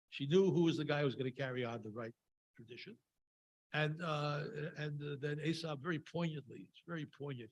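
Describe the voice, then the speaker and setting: A man's voice: a little high, a little hiss or hum, poor audio. A man giving an informal, conversational sermon at a synagogue service, wandering into wry asides as he retells a scripture story. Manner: conversational and digressive, with frequent fillers and wry asides. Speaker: speaker giving a Torah talk at a Shabbat service.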